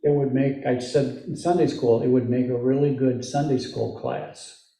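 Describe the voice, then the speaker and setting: A man's voice: mid-range voice, fairly even intonation, normal speed, dark tone. A man with a Midwestern American accent giving a conversational sermon, full of questions to the congregation and joking asides. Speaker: lay preacher. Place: church sanctuary. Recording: echoey church room, mic at a distance.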